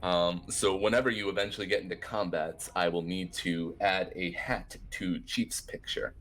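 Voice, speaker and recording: Low-voiced man running a tabletop game. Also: normal speed. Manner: relaxed, descriptive scene-setting. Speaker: dungeon master.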